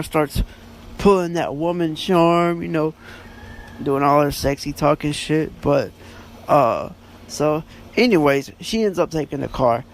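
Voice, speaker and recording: High-voiced rambling man reviewing a book. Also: measured pace, creaky, slight background noise. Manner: rambling, full of fillers and self-corrections. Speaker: podcast host.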